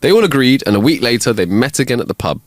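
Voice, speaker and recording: A man reading jokes on a comedy podcast, his voice swinging widely from low to high as he plays each character. The sound is close and dry, with no room around it. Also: fast talker, no echo. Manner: animated joke telling with big laughs and put-on voices. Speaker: podcast co-host. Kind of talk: reading listener jokes aloud.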